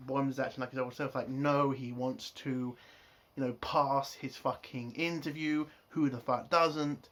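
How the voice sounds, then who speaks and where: A man's voice: mid-range voice, steady tone, a little slow, a bit bright. A man giving a casual spoken review of a TV episode. He rants in an exasperated way and swears a lot.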